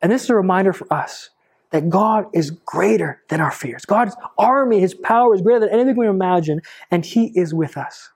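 A woman preaching a sermon, telling stories with lively swoops up in pitch for emphasis. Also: a little fast, slightly rough. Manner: expressive storytelling, swooping up for emphasis.

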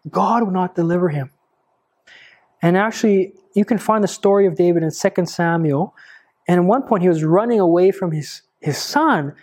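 A woman preaching a sermon, telling stories with lively swoops up in pitch for emphasis. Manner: expressive storytelling, swooping up for emphasis.

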